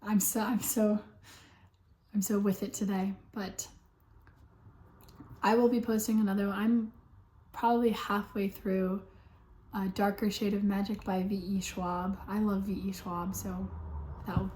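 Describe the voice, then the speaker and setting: A woman with a hoarse, sick voice, hesitantly talking through a casual book review with lots of fillers. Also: medium pitch, level tone, unhurried, long pauses, dark tone, echoey room. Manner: hesitant, rambling, many fillers.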